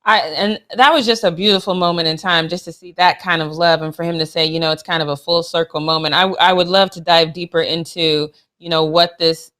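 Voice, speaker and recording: A woman's voice: on the low side, fairly even intonation, fairly quick, hardly any pauses, fairly bright tone. A woman co-hosting a sports talk show, gushing and emotional, with sassy trash talk. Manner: gushing and emotional, with frequent laughs. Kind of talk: casual sports chat.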